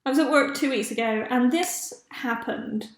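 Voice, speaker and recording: Young woman rambling on her podcast, high voice, lots of laughs, echoey room. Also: moderate pace. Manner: chatty, laughs often, loses track of names. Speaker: podcast host. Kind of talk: casual chat.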